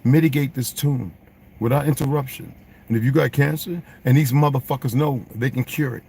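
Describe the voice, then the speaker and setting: A man's voice: medium pitch, fairly quick, vocal fry, darkish tone, slight background noise. A man hosting his own channel, mixing a blunt, profane rant with reading a text aloud, recorded at home. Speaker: channel host.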